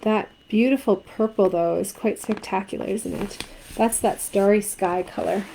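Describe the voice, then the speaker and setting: A woman's voice: medium pitch, fairly even intonation, normal speed, gravelly, dark tone, slight background noise, rough recording. A woman from Canada teaching a card-making craft tutorial, chatting and asking viewers what they think. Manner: chatty, asks viewers questions.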